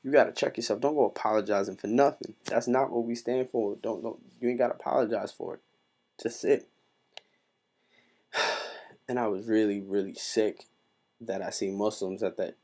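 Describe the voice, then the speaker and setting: Impassioned husky man, gravelly low voice. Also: steady tone, normal speed, pauses often, mellow. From Mexico. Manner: impassioned, emphatic, repeats himself. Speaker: vlogger. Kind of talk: casual commentary vlog.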